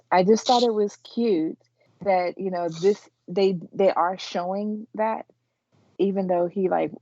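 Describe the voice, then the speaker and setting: A woman with a low, mellow voice chats about a show on a podcast, hesitating and filling gaps as she thinks aloud. The sound is dry and a little dull. Her tone stays relaxed and conversational. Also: measured pace, no room sound. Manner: hesitant, lots of fillers. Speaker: podcast co-host. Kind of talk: casual TV recap chat.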